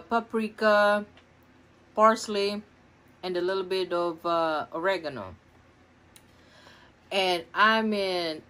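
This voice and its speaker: Eating on camera in her home kitchen, a middle-aged woman makes a mukbang vlog, murmuring between mouthfuls and raving about the food. Her voice is lowish and a bit bright.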